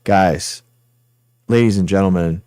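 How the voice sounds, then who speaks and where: A man's voice: low voice, measured pace, warm tone, no room sound, studio quality. A man hosting a livestream, casually rambling through thanks and apologies as he signs off. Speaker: host.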